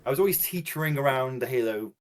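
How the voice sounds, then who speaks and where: Fast-talking man chatting casually. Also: medium pitch, lively intonation. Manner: chatty and rambling, with frequent restarts and laughter. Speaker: guest on a gaming podcast. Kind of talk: casual chat.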